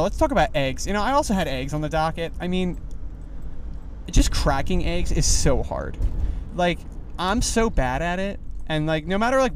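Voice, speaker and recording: A young man hosting a solo podcast while driving, rambling in a loose, animated way with lots of fillers. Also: on the high side, a little hiss or hum. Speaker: podcast host. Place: inside a car.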